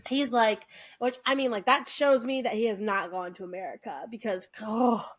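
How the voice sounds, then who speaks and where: A woman's voice: fairly high pitch, normal speed. A young woman co-hosting a podcast, chatting casually and retelling scenes with playful impressions. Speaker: podcast co-host. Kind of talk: casual chat.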